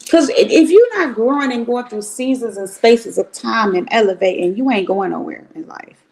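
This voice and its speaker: A woman's voice: fairly high pitch, lively intonation, moderate pace, gravelly, a little mellow. A middle-aged woman from Cleveland, ranting bluntly and profanely on a casual livestream. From Cleveland, Ohio. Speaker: livestream host.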